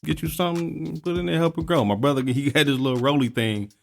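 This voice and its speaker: A man's voice: on the high side, steady tone, quick pace, gravelly, soft background music. Blunt, laughing male co-host. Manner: blunt, joking, laughs often. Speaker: podcast co-host. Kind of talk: casual chat.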